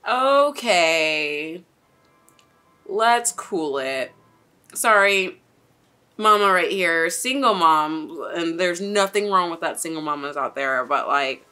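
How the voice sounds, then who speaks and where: A woman's voice: on the low side, sharp tone. A young woman hosting a casual anime reaction, chatty and exclamatory, swearing and laughing as she talks.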